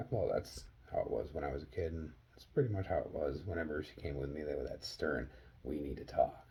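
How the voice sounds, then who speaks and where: A man from Wisconsin earnestly telling a personal story in a vlog, acting out the dialogue with sharp jumps up in pitch. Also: animated, brisk, husky, rough recording. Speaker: vlogger.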